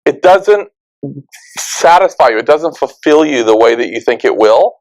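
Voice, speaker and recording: A man's voice: mid-range voice, lively intonation, normal speed, a little mellow, rough recording. A man hosting an interview, asking questions and reflecting on his own experiences. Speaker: host. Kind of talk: conversational interview.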